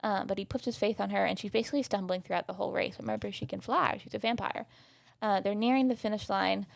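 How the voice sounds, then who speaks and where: Sassy young woman, heavy vocal fry. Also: medium pitch, fairly even intonation, fast talker, no echo. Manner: chatty, sassy, swears freely. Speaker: podcast host. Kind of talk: casual recap chat.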